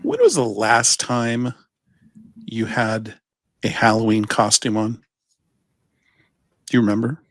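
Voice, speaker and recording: A man's voice: fairly low pitch, sing-song, slow, long pauses, dry recording. A man co-hosting a podcast, telling stories in a rambling, playful way and restarting his sentences often. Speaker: podcast co-host. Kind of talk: casual chat.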